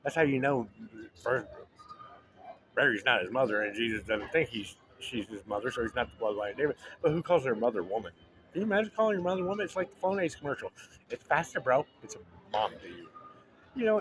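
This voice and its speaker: A man riffs in a loose comedic monologue, rambling and joking with frequent restarts. His voice sits at an ordinary middle pitch. A clear bed of background noise runs under him. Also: fast.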